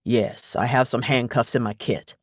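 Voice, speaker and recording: A wry male detective speaks in an audiobook, read by a man. His voice sits mid-range and sounds plain and unhurried. He delivers lines matter-of-factly, with a teasing edge, in a dead-dry studio sound. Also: medium pitch, slightly rough, dry recording. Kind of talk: audiobook dialogue.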